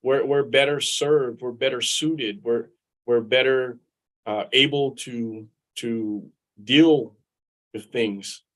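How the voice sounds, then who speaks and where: A man's voice: medium pitch, steady tone, slow, poor audio. A middle-aged man from Guam, an attorney and veteran, telling personal stories in a conversational way over a video call. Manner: conversational, repeats words while thinking. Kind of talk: storytelling in a live interview.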